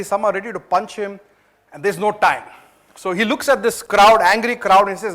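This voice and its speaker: High-voiced Indian man telling a joke to an audience. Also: a little fast, a bit bright. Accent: Indian English. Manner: chatty, storytelling, asks the audience questions. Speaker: speaker at a management training event. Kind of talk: motivational talk with a joke.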